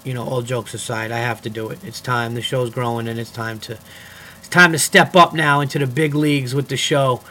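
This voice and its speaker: A man's voice: mid-range voice, steady tone, brisk, pushed and bright. A young man hosting his own podcast, talking alone in a goofy, rambling way and swearing freely. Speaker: comedian podcast host. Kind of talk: casual solo podcast monologue.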